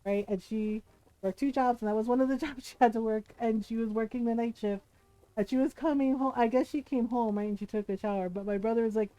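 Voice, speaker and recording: A woman streamer telling a family story in casual chat, animated, often laughing and asking "right?". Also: a little high, a little fast, no room sound, rough recording.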